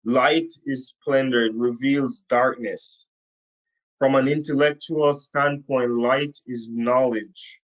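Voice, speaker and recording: Slow, emphatic male Bible teacher. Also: mid-range voice, fairly even intonation, highs cut off. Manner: slow, emphatic, repeats key phrases. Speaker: preacher. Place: indoor room. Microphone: camera.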